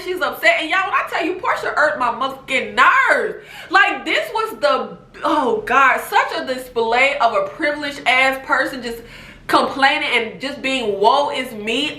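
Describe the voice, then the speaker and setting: Animated high-voiced woman reviewing TV. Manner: animated, sassy, laughs often. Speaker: TV recap host. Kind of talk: casual review chat. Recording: echoey room.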